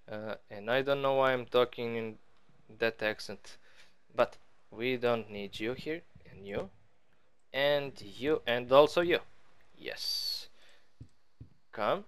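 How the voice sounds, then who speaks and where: Male gaming host, unhurried and clear, chatty and playful, pokes fun at himself while he builds. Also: medium pitch, fairly bright tone. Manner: rambling, playful, self-mocking. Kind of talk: casual let's-play commentary.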